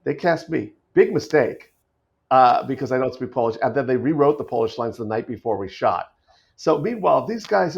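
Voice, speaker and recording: An American man, a guest actor, talks on a casual podcast in a gravelly, medium-pitched voice at a moderate pace. He's an animated storyteller who keeps restarting his sentences, and the remote audio sounds dull and lo-fi.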